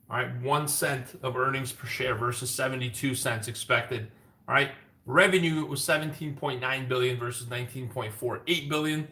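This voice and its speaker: A man's voice: medium pitch, bright, forceful tone. A man giving a daily stock market update, explaining bank earnings in a casual, blunt way with joking asides.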